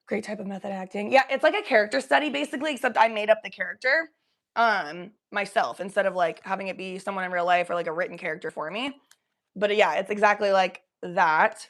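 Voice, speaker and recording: A young woman from Cincinnati, talking in a put-on Southern drawl during a casual livestream chat, crude and rambling, high and coughing now and then. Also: normal speed, fairly bright tone. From Cincinnati, Ohio.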